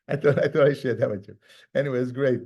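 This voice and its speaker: A man's voice: mid-range voice, slightly rough, muffled recording. Conversational male rabbi teaching Talmud. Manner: conversational, repeats words, mixes Hebrew and Aramaic terms. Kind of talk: Talmud study lesson.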